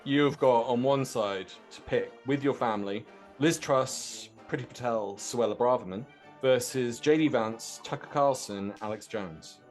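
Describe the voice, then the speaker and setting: A man's voice: mid-range voice, unhurried, a little mellow, soft background music. A man hosting a podcast in casual political chat. He is playful, laughs often and sets up questions for his guests. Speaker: podcast host.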